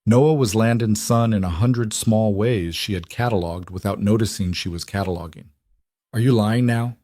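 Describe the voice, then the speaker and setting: A man narrating a scripted story in a measured, even storytelling manner. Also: fairly low pitch.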